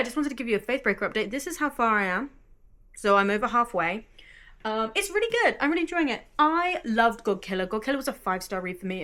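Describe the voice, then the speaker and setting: A young British woman vlogging casually, bubbly and quick to laugh. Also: a little high. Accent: British English. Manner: bubbly and animated, laughs easily. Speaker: book vlogger. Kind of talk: casual vlog chat.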